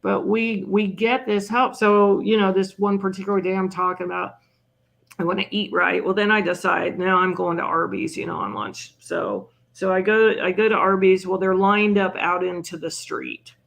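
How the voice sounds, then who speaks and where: A woman's voice: mid-range voice, little pitch movement, gravelly, fairly bright tone. An older woman, a guest on a recovery podcast, telling personal stories in a chatty, self-mocking way. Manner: chatty and self-mocking, with frequent "you know" and quick laughs. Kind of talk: conversational storytelling.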